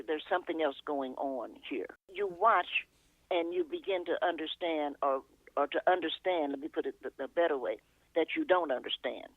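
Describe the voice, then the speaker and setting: A woman's voice: sits low, vocal fry, dry recording. An older woman, a poet and author, telling meandering stories as a guest, chuckling often and correcting herself as she goes. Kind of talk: reflective storytelling interview. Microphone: telephone. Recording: tinny phone line, dry.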